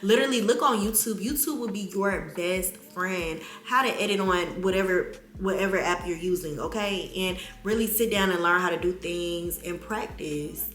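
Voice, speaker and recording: Young mom vlogger, casual chat, bright forceful voice, echoey room. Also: female voice, lowish voice, moderate pace, few pauses. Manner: animated, slangy, talks straight to viewers. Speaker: vlogger, mother.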